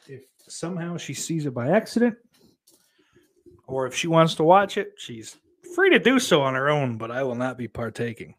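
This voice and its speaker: A man's voice: on the high side, sing-song, moderate pace. A man hosting a livestream, reading chat comments aloud and rambling in a profane, self-deprecating way.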